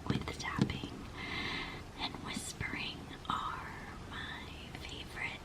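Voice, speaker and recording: A young woman in her twenties, whispering softly in a whispered role-play and trailing off into repeated words. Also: slow, rough recording. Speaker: vlogger. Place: indoors at home.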